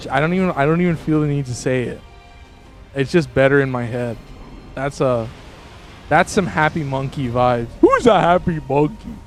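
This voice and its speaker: A man livestreaming a game and chatting casually with his viewers, rambling with many restarts and sudden excited jumps in pitch. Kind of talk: casual livestream chat with viewers while gaming.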